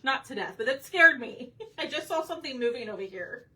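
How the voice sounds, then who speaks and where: Casual craft host, woman, bright and forward tone, a bit off-mic with faint room hum. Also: high voice, animated, brisk, recorded from a distance. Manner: chatty, talks to viewers while working. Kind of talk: casual chat while painting.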